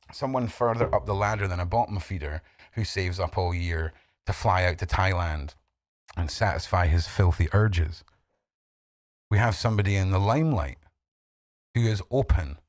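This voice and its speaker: A livestream host with a low voice greets viewers by name, talking bluntly and swearing freely in casual chat. The sound is studio quality with no room sound, and faint music plays behind him.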